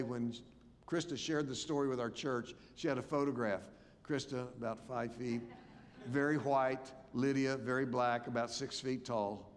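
An older man preaching at a conference, telling a story with lively acted-out voices. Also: mid-range voice. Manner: animated storytelling, acts out quoted voices. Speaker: pastor. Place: large church or conference hall. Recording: long hall reverb.

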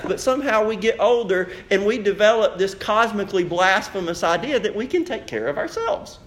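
A man preaching a sermon as pastor, with animated rhetorical questions. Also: high-pitched, fairly quick, few pauses.

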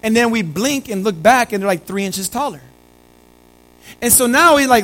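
High-voiced man preaching a sermon. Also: expressive, moderate pace, pauses often, fairly bright tone, poor audio. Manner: earnest, repeats key phrases, calls listeners family. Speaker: pastor.

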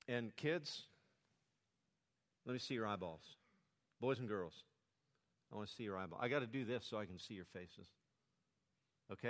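A man's voice: medium pitch, a bit bright, in a large hall. Older male pastor preaching a sermon. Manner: calls children to repeat sermon points.

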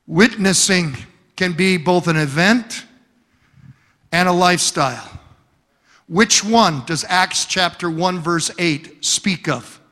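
Male pastor, bright and high, slow, deliberate sermon delivery, humorous storyteller. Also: long reverb tail. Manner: storytelling with humor and emphatic repetition.

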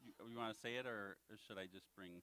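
A man's voice: lowish voice, steady tone, quick pace, bright, forceful tone, clear, resonant tone. A man leading a children's church lesson as a ventriloquist, playing the patient straight man to his puppet. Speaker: children's ministry leader, ventriloquist.

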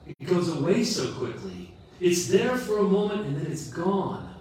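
Middle-aged preacher echoing from far off. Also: male voice, sits high, a little slow, a little hiss or hum. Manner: earnest, animated preaching with self-deprecating humor. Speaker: pastor. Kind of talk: sermon. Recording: roomy echo from far off the mic.

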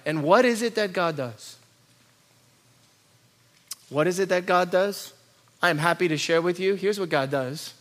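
Bright high-voiced preaching man. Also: unhurried, pauses often. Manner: swings from low quiet asides to loud high-pitched urgent pleading; rhetorical questions and repeated lists. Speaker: pastor. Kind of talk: sermon.

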